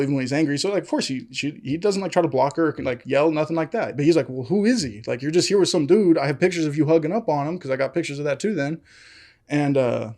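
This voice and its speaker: A man's voice: on the high side, creaky, a little mellow. A man co-hosting a podcast, telling a story in casual chat, acting out quotes and laughing often. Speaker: podcast co-host.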